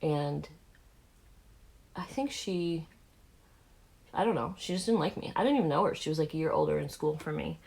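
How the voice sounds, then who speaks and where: A woman's voice: low voice, moderate pace, gravelly, pauses often, a little mellow. A woman in her forties with a Southern accent, talking candidly and rambling through fillers while doing her makeup. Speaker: beauty vlogger.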